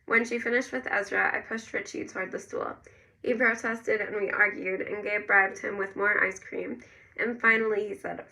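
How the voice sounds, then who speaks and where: A woman narrating a first-person novel in a gentle storytelling manner. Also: mid-range voice, gravelly, distant mic, poor audio. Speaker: audiobook narrator.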